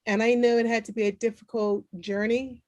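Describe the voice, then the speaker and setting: A woman's voice: fairly high pitch, flat delivery, brisk, darkish tone, dry recording, dull audio. A woman hosting an interview, soothing and reassuring, answering with short affirmations. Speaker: podcast host. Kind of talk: supportive interview chat.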